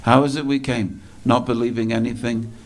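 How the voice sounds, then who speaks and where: A man giving a storytelling sermon at a temple, slow and dramatic, repeating phrases for effect. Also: medium pitch, level tone. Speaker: speaker at a temple festival. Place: temple hall.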